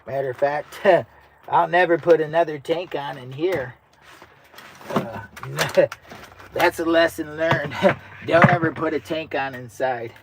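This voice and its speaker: A man's voice: a little high, slow, background noise. A man vlogging casually at his campsite, muttering to himself as he tidies up. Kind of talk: casual camping vlog. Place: outdoors at a campsite by a tent.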